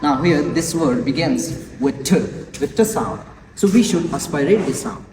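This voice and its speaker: A man giving a classroom presentation, repeating words and examples slowly and haltingly. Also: fairly high pitch, expressive. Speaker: student presenter. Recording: echoey classroom from far off, noisy.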